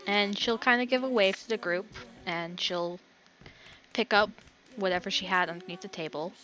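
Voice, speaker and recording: Woman game master, bright tone, casual rambling narration. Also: medium pitch, normal speed, soft background music. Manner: casual, filler-heavy narration.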